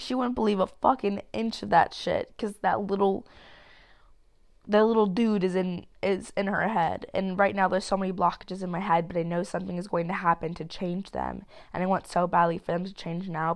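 A woman's voice: mid-range voice, creaky. A nineteen-year-old woman hosting a solo podcast, rambling candidly with plenty of fillers and casual swearing while getting over a cold. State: sick with a cold. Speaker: podcast host.

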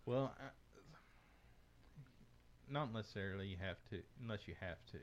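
A man's voice: on the low side, moderate pace, muffled recording. A man hosting a casual tech podcast, reading news items aloud with frequent fillers and restarts. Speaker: podcast host.

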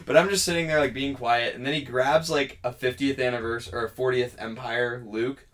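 A man's voice: medium pitch, normal speed. Young man telling a story on a podcast. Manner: animated storytelling, acts out quoted people. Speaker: podcast co-host. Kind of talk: casual chat.

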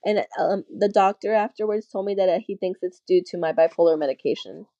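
A woman's voice: lowish voice, fairly quick, mellow, dry recording, highs cut off. A young adult woman telling a candid personal story in casual chat, acting out the voices of people she quotes. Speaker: podcast guest.

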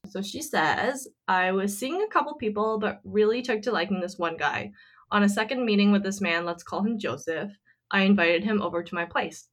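A woman's voice: mid-range voice, normal speed. Chatty woman retelling a story. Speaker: podcast co-host. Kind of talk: casual chat, retelling a listener story.

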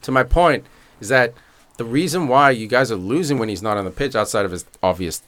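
A man's voice: mid-range voice, brisk, a bit bright. A man co-hosting a casual soccer podcast, laid-back and rambling through his opinions. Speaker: podcast co-host. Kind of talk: casual chat.

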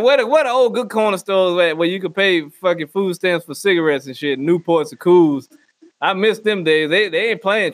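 A man delivering a loud, profane comedic rant and often slipping into mock voices. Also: high voice, dry recording. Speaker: comedy podcast host. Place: Northwest Arkansas.

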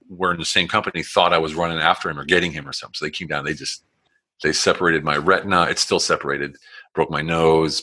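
A very deep, husky voice with a sharp tone belongs to this man in his forties, a guest telling his life story. He rambles in a casual, blunt way with lots of swearing, repeated restarts, fillers and acted-out quotes.

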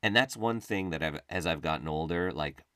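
Deep-voiced man ranting sarcastically. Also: normal speed, pushed and bright, clear, resonant tone, no echo, clean studio sound. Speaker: podcast host. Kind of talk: casual comedic monologue.

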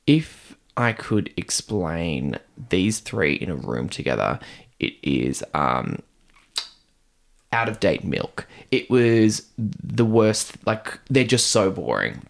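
A man's voice: deep voice, big pitch swings, takes it slowly, gravelly. A man co-hosting a podcast, chatting in a gossipy, campy way about reality TV. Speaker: podcast co-host. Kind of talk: casual pop-culture chat.

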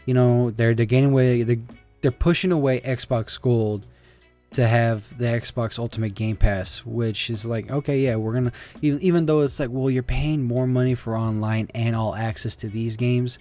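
A man's voice: medium pitch, steady tone, normal speed, warm tone. Casual male host, loose and rambling, swears, faint music underneath. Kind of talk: casual solo chat.

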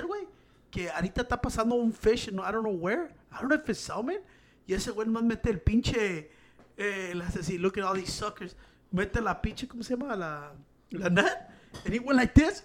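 A man with a Mexican-American accent, switching between Spanish and English as he swears and tells stories excitedly. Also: sits high, fairly quick. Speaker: podcast co-host. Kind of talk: casual chat.

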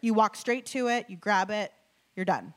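A woman preacher tells a personal story during a sermon before a live audience with slides, speaking in a conversational, animated way with frequent laughs and fillers. Her voice is mid-range and her pace moderate.

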